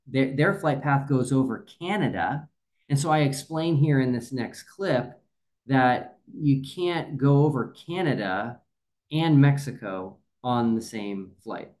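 A man's voice: mid-range voice, a little mellow. A man reviewing a debate as a guest, explaining his point methodically in casual talk. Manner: methodical, walks through evidence step by step.

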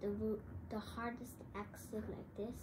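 Hesitant slow-spoken female piano student. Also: mid-range voice, level tone, background noise. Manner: hesitant, questioning.

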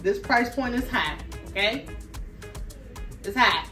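A woman's voice: on the high side, slow, distant mic. A woman vlogger, chatting sassily and animatedly to her viewers during a fashion try-on haul. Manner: sassy, animated, talks straight to viewers with lots of "okay" and "y'all". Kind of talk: casual try-on haul chat. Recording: echoey room, voice off-mic, faint music.

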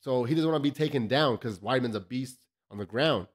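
A man's voice: mid-range voice, a little fast, breathy edge. Man, from El Paso, podcast host, casual chat, profane, laughing, storytelling. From South Side El Paso, Texas. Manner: loose, profane, laughing, tells stories with put-on quotes.

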